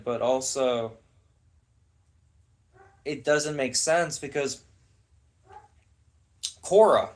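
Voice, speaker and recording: A man's voice: fairly high pitch, slow pace, pauses often. A young man ranting in casual podcast chat, heated, sarcastic and profane.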